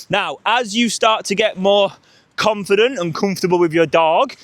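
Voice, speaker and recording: A man training a dog, explaining a tug game to viewers between sharp calls to the dog. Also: sits high, moderate pace, no echo. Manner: energetic, coaching, calls sharp cues to the dog.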